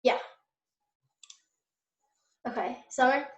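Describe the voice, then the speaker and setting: A woman's voice: sits high, extremely slow, echoey room, highs cut off. A young woman tutoring an online Spanish class, explaining step by step with patient fillers.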